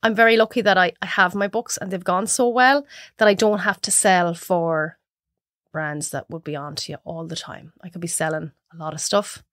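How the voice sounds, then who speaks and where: Chatty Irish woman telling lively stories. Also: on the low side, normal speed, dry recording, clean studio sound. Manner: chatty, animated storyteller who laughs often. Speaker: podcast guest, cook. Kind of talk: casual chat.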